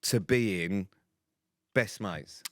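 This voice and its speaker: Low-voiced teasing man. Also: drawn-out words, a bit bright, no echo. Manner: dry, teasing, swears freely. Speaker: podcast co-host. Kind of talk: teasing casual chat.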